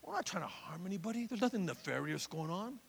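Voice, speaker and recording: A man's voice: high voice, very animated, fast, gravelly, breathy edge, big-room sound. A male pastor preaching a fervent sermon, calling out to his congregation for responses. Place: church.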